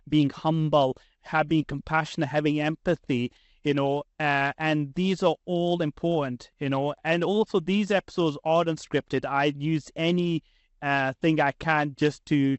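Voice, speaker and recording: A man's voice: a little high, no room sound. A man hosting a podcast in casual conversation, talking earnestly with frequent restarts. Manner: earnest, many fillers and restarts. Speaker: podcast host.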